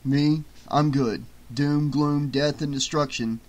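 A male audiobook reader voicing a laid-back young man with a low, offhand delivery. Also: fairly even intonation, slow pace, a little mellow. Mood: wry.

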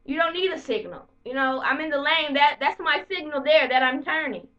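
A woman vlogger telling the story of her bad day to camera in a heated, profane, animated way. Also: sits high, fairly quick, far from the mic, dull audio. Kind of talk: casual storytelling rant to camera.

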